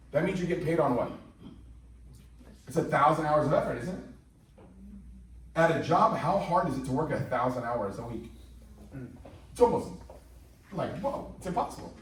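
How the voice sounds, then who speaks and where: A man from Indiana giving a joking sales presentation to a live audience, often asking the room questions. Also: a little high. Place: company office meeting room. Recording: echoey room, from a distance.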